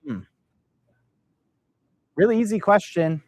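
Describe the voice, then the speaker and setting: Brief: middle-aged male sales mentor, mid-pitched, lively storyteller who quizzes his audience, dry close sound. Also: a little slow, pauses often, no room sound. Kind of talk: live workshop talk to an audience. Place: meeting room with an audience.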